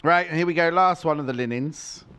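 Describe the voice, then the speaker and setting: A British man hosts a live TV shopping channel from a studio, wearing a clip-on mic. His voice sits a little high and comes across bright, forceful, clear and resonant, and he talks fairly quickly. He chats playfully, teases his co-host and reads out fabric prices.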